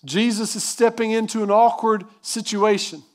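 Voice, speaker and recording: High-voiced man preaching a sermon. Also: fairly even intonation, moderate pace. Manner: emphatic preaching, asks the congregation questions. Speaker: pastor.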